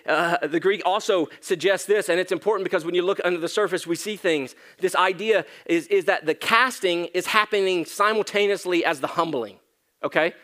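Man preaching with emphatic swells and hushes. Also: high voice. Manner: conversational preaching with emphatic rises and hushed drops. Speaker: pastor. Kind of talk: sermon. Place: church.

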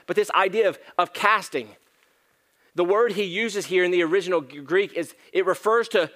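A man preaches in a church, casual and conversational, swelling into emphatic lines and then falling hushed. His voice sits a little high for a man. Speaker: pastor. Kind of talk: sermon.

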